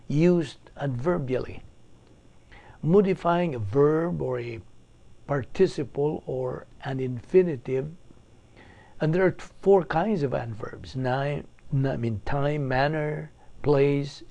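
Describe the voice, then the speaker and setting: A man's voice: on the high side, warm tone. A man teaching a doctrinal Bible study as an evangelist, explaining grammar methodically, step by step.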